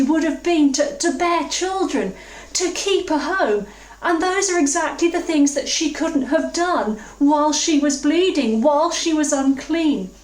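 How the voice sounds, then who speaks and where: A woman from England preaching a sermon, reflective and earnest, slowing down to stress key words. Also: high voice. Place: church hall. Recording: roomy, distant mic.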